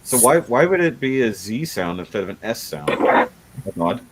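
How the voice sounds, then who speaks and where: A man's voice: on the low side, big pitch swings, moderate pace, very noisy. A man hosting a casual livestream chat, rambling and laughing often. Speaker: livestream host.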